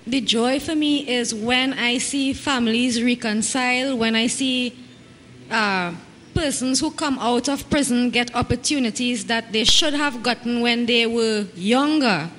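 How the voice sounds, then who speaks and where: Trinidadian lady field officer, slow and careful, kinda high voice, faint hiss. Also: fairly bright tone. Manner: measured, searches for words. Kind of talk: studio panel interview. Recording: reverberant studio with faint noise.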